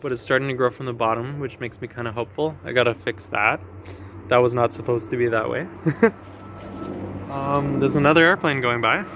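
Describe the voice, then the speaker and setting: A young man gives a relaxed walking tour of his backyard garden, chatting and catching himself mid-sentence. He sounds a little out of breath from moving around. Faint outdoor noise and the odd passing plane sit behind his voice. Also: medium pitch. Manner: chatty, self-correcting, quick little laughs. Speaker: gardener vlogger. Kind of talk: casual garden tour walkthrough.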